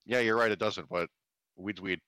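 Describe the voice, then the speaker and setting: A man's voice: lowish voice, steady tone, moderate pace, pushed and bright, dry recording. A young man in casual chat with friends, laid-back and laughing often.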